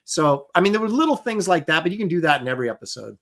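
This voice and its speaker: A man's voice: a little high, big pitch swings, racing, a bit bright. A man co-hosting a livestream, chatting casually and rambling through his points while quoting dialogue. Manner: rambling, restarts often, quotes dialogue. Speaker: podcast co-host.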